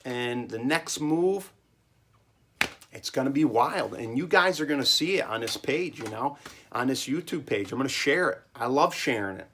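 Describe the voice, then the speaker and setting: A man of middling pitch talks straight to the camera from his cellar, a small business owner sharing hard-won lessons. He rambles and repeats himself, driving points home with emphasis. He keeps checking in with a quick "okay?". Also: lively intonation, a bit bright, slight background noise. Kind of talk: casual monologue vlog.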